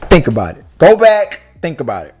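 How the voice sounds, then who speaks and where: Rambling, animated young man. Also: a little high, moderate pace, a little hiss or hum. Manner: rambling and animated, with profanity and restarts. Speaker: podcast host. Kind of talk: casual chat.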